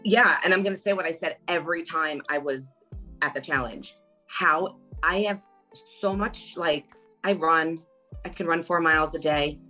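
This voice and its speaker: A middle-aged woman talking as an interview guest, chatty and animated, packing her stories with "like". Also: deep voice, moderate pace, faint music behind, low-quality recording. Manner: chatty, animated storytelling, lots of "like". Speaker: interview guest, former reality show contestant. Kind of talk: casual interview chat.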